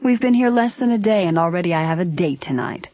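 A woman's voice: on the low side, lively intonation, quick pace, warm tone, no room sound, muffled recording. A woman voicing a boastful, eager young man in a story reading. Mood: cocky. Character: cocky young man, teen detective. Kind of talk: storybook character voice.

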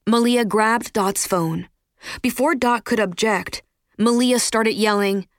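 A woman reading a children's story aloud in an even, measured storytelling voice. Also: a little high, no room sound, clean studio sound. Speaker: audiobook narrator. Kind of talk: scripted narration.

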